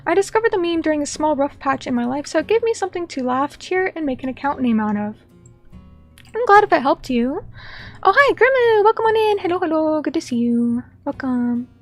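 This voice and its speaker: A woman's voice: sits high, big pitch swings, a little fast, faint music behind. A woman streamer chatting casually at home and reading viewer comments aloud, playful and teasing, sometimes mock-indignant. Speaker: VTuber streamer.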